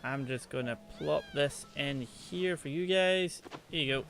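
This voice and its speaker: A man's voice: a little high, unhurried, vocal fry, fairly bright tone, slight background noise. A man giving chatty, playful let's play commentary, teasing the animals in the game as he plays. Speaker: gaming channel host.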